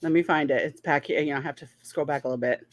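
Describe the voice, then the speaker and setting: A woman hosting a podcast, gushing and excitable in casual chat. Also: low voice, racing, dry recording. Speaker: podcast host.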